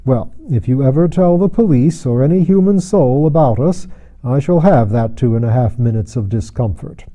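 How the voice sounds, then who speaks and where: A man voicing a huge, commanding president with a genial menace, speaking slowly and deliberately. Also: medium pitch, lively intonation, warm tone, muffled recording, close to an everyday voice. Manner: slow, deliberate, brisk and mocking.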